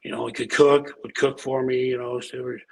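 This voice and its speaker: A man's voice: mid-range voice, level tone, fairly quick, vocal fry, a little hiss or hum, rough recording. A man telling profane, rambling stories in a casual chat, a former pro wrestler and regular on the show. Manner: profane, rambling, laid-back storytelling.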